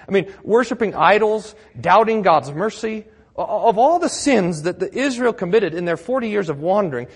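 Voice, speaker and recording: A man's voice: sits high, husky, big-room sound. A man preaching a sermon as pastor, telling the story with acted-out quotes and laughing along.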